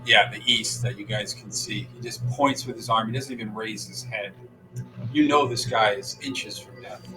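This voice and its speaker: A man narrating as game master, describing scenes in an unhurried, descriptive way. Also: fairly low pitch, steady tone, low-quality recording. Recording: music playing behind.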